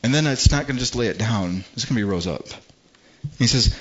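A man's voice: low-pitched, a little fast. Conversational male pastor preaching. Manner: conversational preaching, acts out quoted voices. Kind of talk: sermon. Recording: slightly dull, muffled sound.

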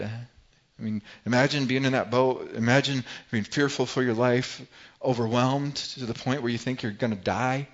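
Male pastor, earnest sermon delivery, mid pitch, repeats words, slightly muffled recording. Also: moderate pace, fairly bright tone. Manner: earnest preaching, repeats words, rises and falls in intensity.

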